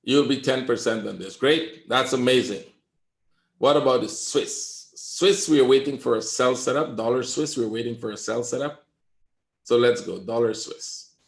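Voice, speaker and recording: A man's voice: mid-range voice, normal speed, gravelly. Male trading coach, lecturing bluntly on a webinar, echoey room sound. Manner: lecturing, blunt, repeats "right?".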